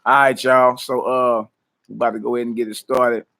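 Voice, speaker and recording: A man hosts a relaxed ministry livestream, calling out viewers by name and hyping them up. He laughs easily and talks loosely in a mid-pitched voice. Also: brisk, gravelly. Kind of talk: casual livestream chat before prayer.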